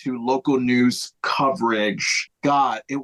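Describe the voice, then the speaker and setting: A man's voice: medium pitch, fairly even intonation, takes it slowly, fairly bright tone, poor audio. A young man from Connecticut co-hosting a casual TV recap podcast, rambling and chatty with lots of fillers and restarts. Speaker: podcast co-host.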